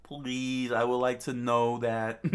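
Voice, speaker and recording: A man's voice: on the low side, a bit bright. A man reading a comic aloud in a casual way, with many fillers, restarts and chatty asides. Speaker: reader of a comic. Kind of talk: casual read-aloud with commentary.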